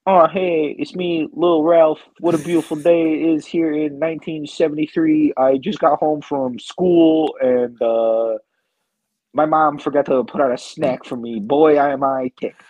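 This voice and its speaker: A man's voice: a little high, fairly even intonation, measured pace, darkish tone, no room sound, voice pushed up, poor audio. A man voicing a whiny schoolboy from the 1970s in a folksy sitcom-kid manner. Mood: peeved. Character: boy Lil Ralph, whiny 1970s kid.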